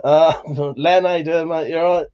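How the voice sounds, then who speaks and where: A man with a Buckinghamshire accent hosting a livestream, reading out chat in a relaxed, sweary way, laughing often, his voice slightly worn. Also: fairly high pitch, normal speed, smooth, lo-fi sound. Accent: Buckinghamshire English. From England. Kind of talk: casual chat.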